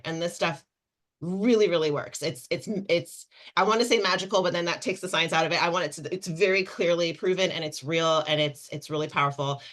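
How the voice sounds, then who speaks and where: A woman coach on a webinar panel who talks with excited, animated energy, explaining quickly and piling on examples. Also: low-pitched.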